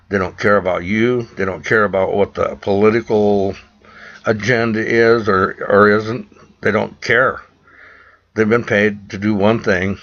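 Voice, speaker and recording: A man's voice: on the low side, fairly bright tone. A man from the United States speaking straight to camera in an urgent, preachy rant, often repeating himself. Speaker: vlogger. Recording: dull lo-fi recording.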